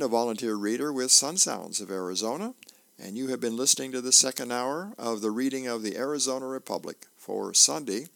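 A man reading the newspaper aloud as a volunteer reader for a radio reading service, plain and unhurried with small slips. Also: mid-range voice, gravelly, fairly bright tone, no room sound.

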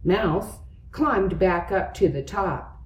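A woman reading a children's picture book aloud slowly and expressively, acting out its sound effects. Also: lowish voice, animated, far from the mic. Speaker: storyteller. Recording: roomy, away from the mic.

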